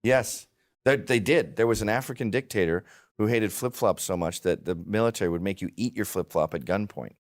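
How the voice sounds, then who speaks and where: A man's voice: lowish voice, fairly quick. A middle-aged man, a guest in a casual chat, telling stories bluntly with swearing and laughing at his own jokes, and slipping into put-on voices of old men.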